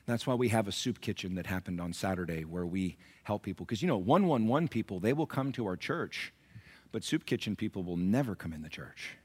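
A middle-aged man, a pastor, preaching a sermon that moves between quiet storytelling and loud, high-pitched exhortation. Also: expressive, fairly quick, breathy edge.

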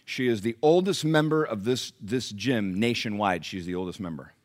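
A man's voice: fairly low pitch, normal speed. A male pastor preaching a sermon to his congregation, mixing rhetorical questions with humorous personal stories. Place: church before a congregation.

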